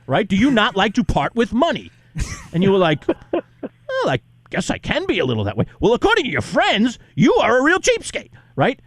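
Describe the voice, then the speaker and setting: A man's voice: high voice, a little fast, dry recording. A male radio host telling stories in casual chat, acting out both sides of old on-air exchanges. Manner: animated, acts out both sides of past exchanges in voices.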